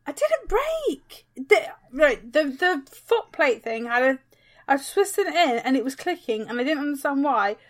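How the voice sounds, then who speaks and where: Co-host: young woman, high voice, animated aggrieved storyteller. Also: moderate pace. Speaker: podcast co-host. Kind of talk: casual chat.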